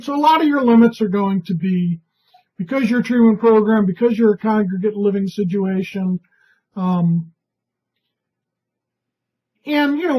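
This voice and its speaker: A woman trainer giving an instructional talk in a calm, conversational way, often checking in with "right?". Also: medium pitch, husky, muffled recording.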